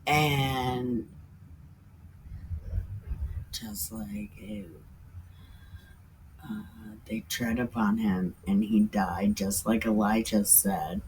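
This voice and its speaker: Slow, irreverent woman reading scripture. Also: rumbling low, slightly rough, poor audio. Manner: irreverent and chatty, laughs often, swears; drawn-out, emphatic sign-off sayings. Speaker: Bible reading vlogger. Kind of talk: casual Bible reading with commentary.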